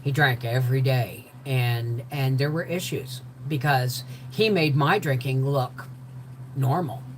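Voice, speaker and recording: An older woman telling a personal story in an animated way, acting out the voices of the people in it. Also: extremely low pitch, takes it slowly, a little hiss or hum, rough recording. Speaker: host.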